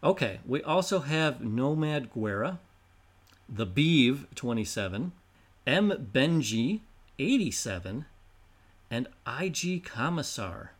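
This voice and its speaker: A man's voice: mid-range voice, big pitch swings, slow pace. A man co-hosting a history podcast, chatting casually, explaining and reading out listener names. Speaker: podcast co-host.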